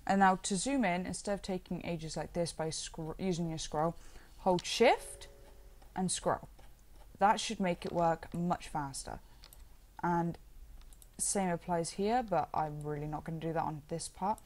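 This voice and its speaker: A woman walking viewers through a software tutorial in a casual, chatty way, rambling now and then with self-deprecating asides. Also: fairly low pitch, unhurried. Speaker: modding tutorial maker.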